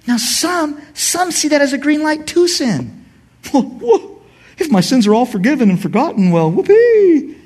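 A middle-aged man preaching a sermon in church, swinging from quiet asides to shouted emphasis. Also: very high voice, expressive, unhurried. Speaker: pastor.

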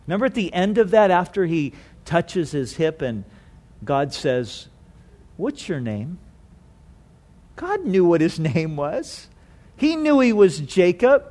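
A man preaching a sermon in a conversational way, acting out quoted lines and dropping to soft tones. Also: high-pitched, very animated, measured pace. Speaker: pastor.

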